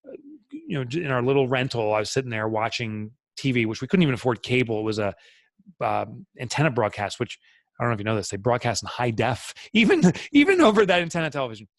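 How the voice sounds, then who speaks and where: A man's voice: medium pitch, big pitch swings, quick pace, dry recording. A middle-aged man, a podcast guest, telling a candid personal story in an earnest, reflective way with many fillers.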